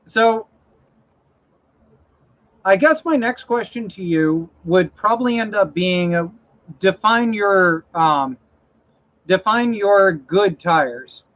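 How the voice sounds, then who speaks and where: Pausing often and speaking slowly, a man with a high, somewhat bright voice and lively intonation hosts a casual livestream. He wanders from trucks to mowers, reads out viewer comments, and corrects himself, and the stream audio is dull and lo-fi.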